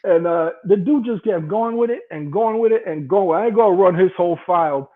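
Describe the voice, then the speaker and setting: A man's voice: sits high, brisk. A man casually telling a profane, rambling story with a lot of laughing. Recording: tinny phone-like line.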